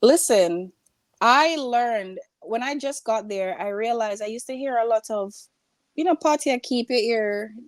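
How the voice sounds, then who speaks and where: A Jamaican woman chats as a guest about her life abroad, telling anecdotes with lively quoted voices. Her voice sits fairly high. The sound is dry and close. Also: no echo. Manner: animated storyteller, acts out voices in quotes. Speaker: guest entrepreneur. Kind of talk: casual storytelling interview.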